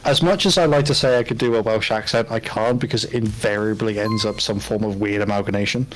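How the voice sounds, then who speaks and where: A man's voice: on the low side, fairly even intonation, quick pace. A British man chatting casually on a hobby painting stream, swearing freely and laughing often. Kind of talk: casual chat on a live stream.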